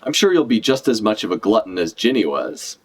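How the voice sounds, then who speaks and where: A man's voice: fairly low pitch, very animated, brisk. A man voicing a fussy, bossy old caretaker. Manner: scolding, instructive, read aloud from a comic.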